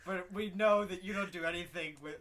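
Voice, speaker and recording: A man's voice: high voice, steady tone, fairly quick, fairly bright tone. A young man co-hosting a casual podcast, giggling and teasing his friends while he banters. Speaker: podcast co-host.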